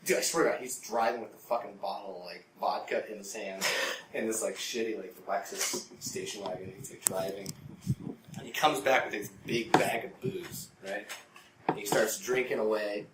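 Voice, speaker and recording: A man's voice: fairly low pitch, moderate pace, far from the mic, noisy background. Rambling profane man in an echoey room. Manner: rambling, profane, heavy use of "like", mimics people in the story. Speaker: podcast co-host. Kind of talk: casual storytelling chat.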